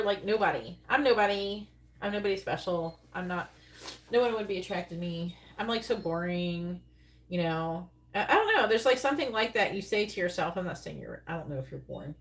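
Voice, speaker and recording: A woman gives a tarot reading on a live stream, speaking bluntly and rambling, with casual swearing. Her voice has a medium pitch and a slightly bright quality.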